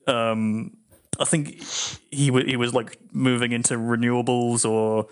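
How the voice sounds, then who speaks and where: A man explains the plot of a film to friends, hesitant and stumbling over his words. His voice sits in an ordinary middle pitch. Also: level tone, measured pace, clear, resonant tone. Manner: hesitant, stammers and restarts. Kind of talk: casual film discussion.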